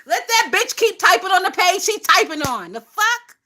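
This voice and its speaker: A woman hosting a casual gossip livestream, talking in a lively, profane way and laughing often. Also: very high voice, moderate pace. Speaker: livestream host.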